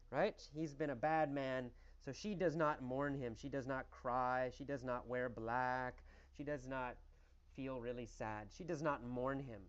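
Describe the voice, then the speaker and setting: Male English teacher, lively storytelling delivery, answers his own questions, slightly muffled lo-fi recording. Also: on the high side. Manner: animated, exaggerated storytelling with repeated questions and answers.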